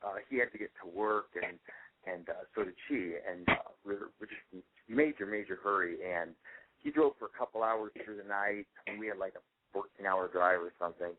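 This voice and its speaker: A man's voice: lowish voice, a little fast, a little hiss or hum. A young man, a wrestler, rambling and laughing through a casual phone interview. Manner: rambling, laughing often, many fillers. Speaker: wrestler guest. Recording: tinny phone line.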